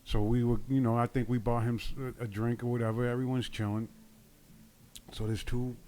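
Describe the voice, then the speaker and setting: A man's voice: mid-range voice, level tone, fairly quick, dark tone. A man talks his mind in a loose chat with friends, circling back with "you know what I mean" and restarting his words. His voice sits mid-range, with a faint noise under the recording. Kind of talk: casual chat, opinionated.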